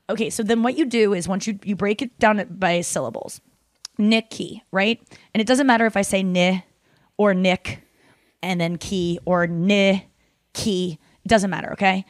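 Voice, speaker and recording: A woman hosting a casual chat podcast. She rambles through her stories with lots of "like" and "um" and casual swearing. Her voice sits at a middling pitch and sounds dry and close, with no room echo. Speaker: podcast host. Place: hotel room.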